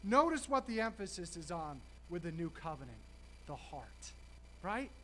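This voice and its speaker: A man preaching a sermon, emphatic, slowing and stressing key words with dramatic pauses. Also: high voice, very animated, sharp tone, slight background noise.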